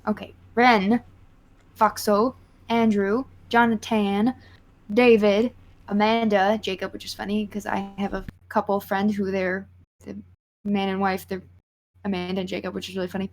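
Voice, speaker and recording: A woman's voice: medium pitch, level tone, normal speed, rough recording. A woman with a Southern US accent, chatting casually as a co-host on a livestream podcast and reading out lists of names.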